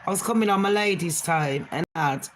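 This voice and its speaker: A woman's voice: on the low side, a little fast, a little hiss or hum. A middle-aged woman, hosting a casual live chat with her viewers in a rambling, frank, slangy way. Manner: slangy street talk. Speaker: livestream host.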